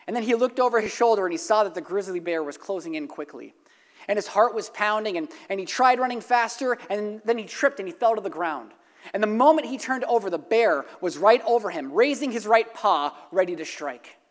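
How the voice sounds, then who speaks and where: A pastor delivers a sermon with emphatic, animated storytelling and repeats key phrases. The voice is recorded in a church sanctuary, and a long reverb of the large hall trails behind every sentence. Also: medium pitch, fairly quick.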